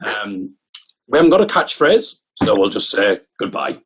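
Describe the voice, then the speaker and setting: A man's voice: lowish voice, very animated, moderate pace, a bit bright, husky. A man chatting casually as a guest comedian on a video call, wry and rambling, often trailing off. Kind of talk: casual chat.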